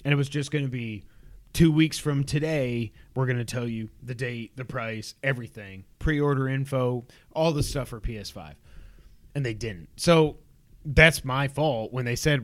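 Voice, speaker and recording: A man running through gaming headlines on a casual podcast, dropping quick wry asides between items. His voice sits in a middle register and is recorded close and dry, with no room sound. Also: mid-range voice, no room sound. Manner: rapid news rundown with wry asides. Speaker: podcast co-host reading gaming news. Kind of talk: casual chat.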